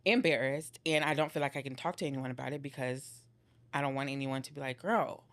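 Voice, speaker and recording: Low-voiced young woman telling her story. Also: steady tone, fast talker. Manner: candid, emotional retelling with many filler likes. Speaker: guest. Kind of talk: personal storytelling in a podcast interview.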